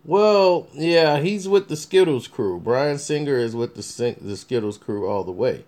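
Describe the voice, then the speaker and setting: A man's voice: mid-range voice, expressive, unhurried, a little mellow. A man talking casually about upcoming films as a review vlogger, rambling with many restarts and fillers. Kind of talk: casual movie commentary.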